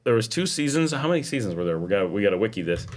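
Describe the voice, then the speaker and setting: A man's voice: fairly low pitch, very animated, racing, noisy background. A middle-aged man hosting a casual livestream, chatting and reading viewer comments aloud. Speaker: livestream host. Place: home in Nicaragua.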